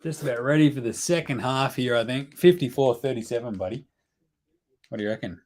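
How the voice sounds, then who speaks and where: A man's voice: medium pitch, fairly quick, darkish tone, a little hiss or hum. Australian male host, casual live stream banter, joking and chatty. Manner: joking, chatty, talks to his baby.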